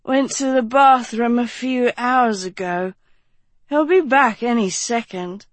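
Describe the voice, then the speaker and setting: A woman voicing a drugged teenage girl who slurs in a slow, dreamy sing-song in a storybook reading. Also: fairly high pitch, dry recording. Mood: slurred, giddy.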